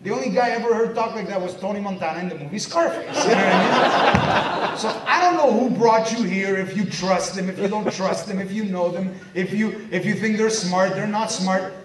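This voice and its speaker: A man's voice: high-pitched, normal speed, a loud crowd. Joking man on stage in an echoey hall. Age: 30s. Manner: energetic, joking, self-mocking storyteller. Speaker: business seminar speaker. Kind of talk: motivational stage talk. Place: seminar hall with a live audience. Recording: echoey hall, distant mic, audience.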